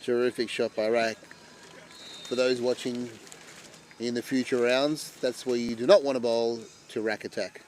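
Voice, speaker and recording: A man calls a local cricket match live in a chatty, easygoing way, and he gets loud and excited when a wicket falls. His voice sits at an ordinary middle pitch. Faint outdoor ambience hums behind him. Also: moderate pace, slight background noise. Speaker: cricket commentator. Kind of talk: live amateur sport commentary.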